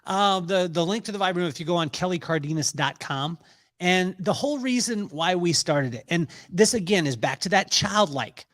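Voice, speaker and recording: A middle-aged man, a podcast guest, telling stories in a casual, animated way, laughing often and acting out the voices of people he quotes. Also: sits high, normal speed, no echo. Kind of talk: storytelling in a casual interview.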